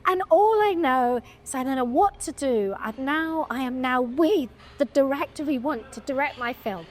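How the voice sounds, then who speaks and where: A middle-aged woman, a film producer telling an animated story in an interview, with frequent restarts. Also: high-pitched, normal speed, few pauses.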